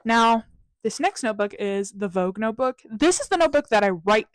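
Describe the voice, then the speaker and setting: A woman's voice: on the high side, animated, fairly quick, dry recording. A young woman vlogger talking casually and upbeat through her journal pages, with a chatty, self-mocking manner.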